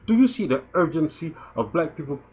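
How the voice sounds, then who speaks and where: Speaking a little fast in a fairly high, sing-song voice with a darkish tone, a man in his fifties delivers emotional video-blog commentary. He's indignant, stumbling as he repeats words, on a dull lo-fi recording.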